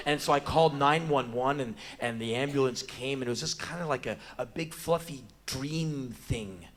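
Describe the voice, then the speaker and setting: A man's voice: medium pitch, fairly bright tone, natural voice. A man voicing a dazed, dreamy woman giving her testimony in a drifting, spacey way.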